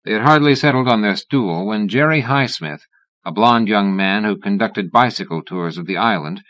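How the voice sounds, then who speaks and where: A man reading a horror novel aloud as an audiobook narrator, in a measured, even-toned way. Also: on the low side, no echo.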